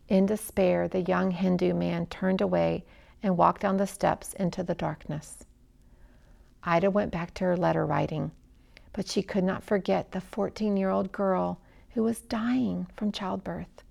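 A woman telling a story aloud in an expressive narrating style, dropping to a hush at tense moments. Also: lowish voice, unhurried, creaky. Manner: dramatic, hushed at tense moments.

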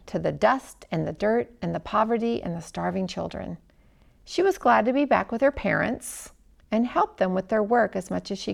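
Woman narrator for a storybook, dramatic delivery, gravelly fry. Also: mid-range voice. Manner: dramatic, hushed at tense moments.

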